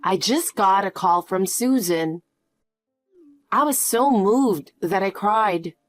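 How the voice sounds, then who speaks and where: A woman's voice: medium pitch, animated, slow, dry recording, faint music behind. A woman voicing a loving, tearful middle-aged foster mother in a scripted story reading. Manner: emotional, gushing.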